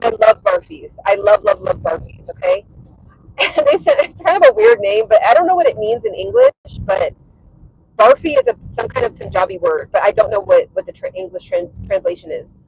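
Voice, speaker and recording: A woman's voice: mid-range voice, wildly swooping pitch, a little fast, vocal fry, darkish tone, slight background noise, poor audio. A woman talking casually on a livestream from her parked car, chatty with lots of fillers and laughs. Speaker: fitness and wellness creator.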